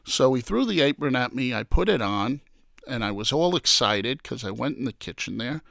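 A gravelly-voiced man of medium pitch tells family stories at a normal pace in a casual interview, animatedly acting out the voices he quotes. The sound is clean studio quality with no room echo.

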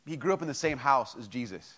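A man preaching a sermon, telling a story and acting out both sides of a phone call, then dropping to a low, quiet intensity for key points. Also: lively intonation, a little fast, slightly rough. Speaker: pastor.

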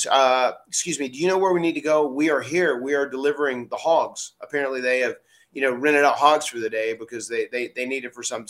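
A middle-aged man casually telling stories on a podcast, acting out quotes and laughing often. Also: medium pitch. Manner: animated, acts out quotes loudly, laughs often. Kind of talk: casual storytelling.

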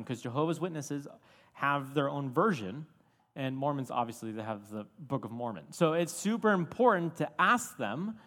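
A young man telling a story in a casual, animated sermon, full of fillers and asides. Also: a little high. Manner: animated, chatty with many fillers. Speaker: preacher. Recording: reverberant hall.

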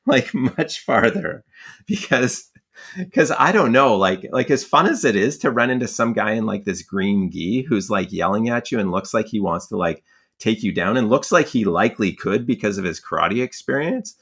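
A man's voice: fairly low pitch, lively intonation, moderate pace, a bit bright, breathy edge. A young man telling stories casually in a conversation, rambling with many filler words and frequent laughs. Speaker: guest, fly angler and magazine writer.

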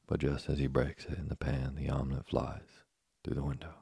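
A man with a husky, gravelly voice giving measured, scripted narration of a storybook. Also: a bass voice, little pitch movement, dark tone, a little hiss or hum. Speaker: audiobook narrator.

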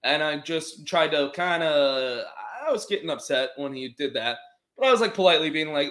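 A man with a bright, forceful voice recounts a run-in in loose, casual chat. He talks in an animated way, cursing and acting out the lines of the people involved. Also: on the high side, a little fast. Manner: animated, swears freely, acts out quotes. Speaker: storyteller among friends.

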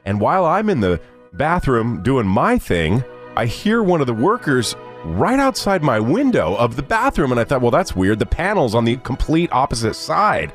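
A man's voice: medium pitch, moderate pace, faint music behind. A man co-hosting a radio show, telling a comic story with lots of energy and putting on voices. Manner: animated storyteller, shouts and mimics voices for laughs.

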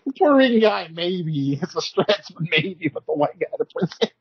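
A man's voice: sits high, very animated, normal speed, creaky, husky, no room sound. A man co-hosting a podcast, chiming in with wrestling trivia and quips in casual chat. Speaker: podcast co-host. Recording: dull lo-fi sound.

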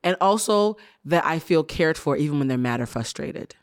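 A woman hosting a podcast in casual chat, animated, laughing often and swearing freely. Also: low-pitched, moderate pace. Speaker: podcast host.

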